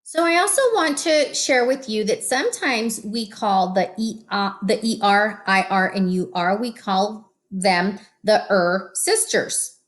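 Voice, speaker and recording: A woman teaching a phonics lesson to children, slow and patient, stretching out each sound. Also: medium pitch, expressive.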